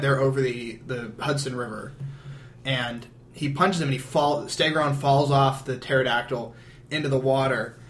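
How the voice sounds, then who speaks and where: A man's voice: mid-range voice, a bit bright, a little hiss or hum. A man retelling a comic story in casual chat, rambling, restarting, and laughing often. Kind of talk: casual comic-book recap.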